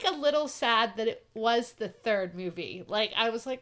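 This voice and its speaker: A woman in her forties co-hosting a casual movie review podcast, chatty and animated, with frequent "like" fillers. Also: fairly high pitch, normal speed. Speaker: podcast co-host.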